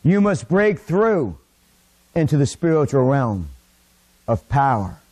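A middle-aged man preaching a sermon in a church, impassioned, rising to near-shouts. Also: medium pitch, very animated, slow pace. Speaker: pastor. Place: church sanctuary.

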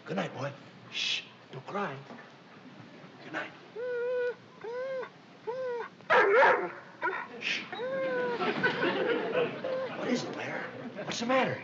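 An actor playing a flustered, good-natured young husband in a 1960s sitcom, coaxing and pleading with comic patience. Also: male voice, on the high side, sing-song, slow pace, creaky, long pauses, very noisy, exaggerated voice. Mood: soothing. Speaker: comedy writer husband in a sitcom. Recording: dull 1960s TV soundtrack with roomy echo and laugh track. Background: studio audience laughter.

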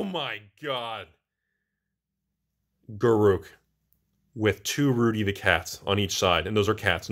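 A man hosting his own channel, opening booster packs and reacting with excited exclamations. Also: lowish voice. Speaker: host of a card-collecting channel. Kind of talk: casual booster box opening.

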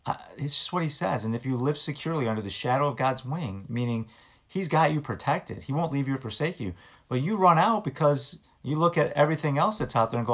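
A man preaches in a loose, conversational way. He is earnest and repeats phrases and restarts words as he talks. His voice sits at an ordinary middle pitch. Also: animated, quick pace, a bit bright. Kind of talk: informal sermon.

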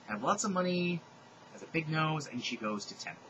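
A man's voice: a little high, expressive, fairly quick, fairly bright tone, muffled recording, a little hiss or hum. Sardonic man reading fiction aloud. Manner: sardonic, exasperated asides. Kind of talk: comedic dramatic reading with asides.

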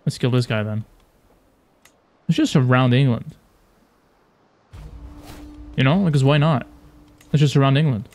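A young man casually commentating his strategy game, animated and taunting, swearing as he plays. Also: medium pitch, a little slow, pauses often, faint music behind. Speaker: gaming YouTuber.

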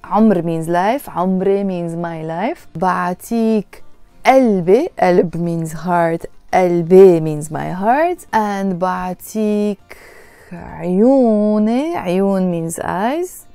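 A woman teaches a language lesson in a mellow, warm voice, patiently repeating each phrase and walking through the grammar step by step. The sound is close and dry, with soft music faintly underneath. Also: on the low side, a little slow, clean tone, dry recording.

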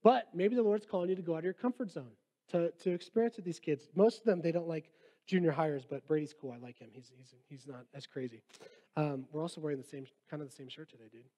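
High-voiced young man preaching casually. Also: fast, warm tone. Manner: casual, jokey preaching with reading aloud. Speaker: youth pastor. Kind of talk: sermon.

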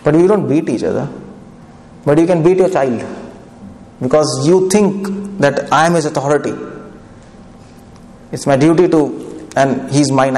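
A man's voice: on the high side, a little mellow. A man giving a devotional lecture, chatty and often asking the audience questions. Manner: conversational, asks the audience questions. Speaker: preacher. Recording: echoey hall, faint background noise.

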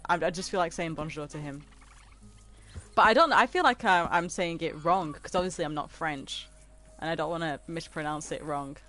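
A woman's voice: mid-range voice, fairly bright tone. A woman, chatting casually with viewers on a game stream and laughing easily. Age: 20s. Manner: chatty and giggly, reading out and answering chat.

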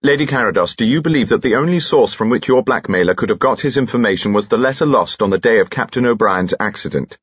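A man voicing a calm, formal police inspector who questions in a quiet, matter-of-fact way in an audiobook. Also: lowish voice, quick pace, few pauses, breathy edge, no echo, highs cut off, voice pushed up.

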